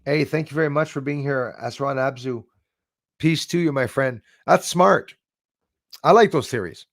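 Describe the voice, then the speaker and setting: A man's voice: medium pitch, moderate pace, no echo, studio quality. A man hosting a live stream, chatting casually and jokingly with viewers, rambling with many fillers and restarts. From Canada.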